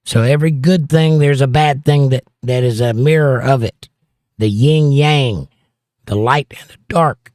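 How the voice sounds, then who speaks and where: A man's voice: mid-range voice, measured pace, a little mellow, no echo, studio quality. Laid-back man reading chat aloud. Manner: reads viewer comments aloud and riffs on them. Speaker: livestream host reading chat. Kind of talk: casual livestream chat.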